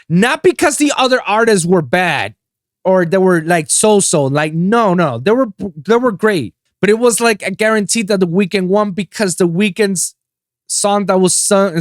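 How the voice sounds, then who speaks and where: Animated, profane male podcast host. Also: no room sound, clean studio sound. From Puerto Rico. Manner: animated, profane, swings between loud outbursts and low mutters. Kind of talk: casual solo podcast rant.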